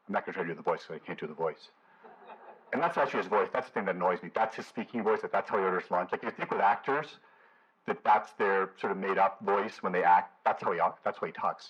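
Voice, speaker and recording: Husky low-voiced man giving a lecture. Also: fast talker, fairly bright tone, highs cut off. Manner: conversational, leans on "you know", hesitant fillers. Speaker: guest lecturer, professor. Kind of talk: public lecture to a community audience.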